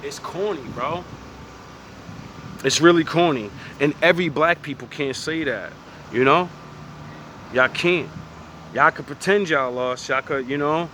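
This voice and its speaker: A man's voice: a little high, unhurried, pauses often, pushed and bright, slight background noise. A man giving a blunt, profane, rambling opinion monologue outdoors by a street. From United States. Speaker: vlogger.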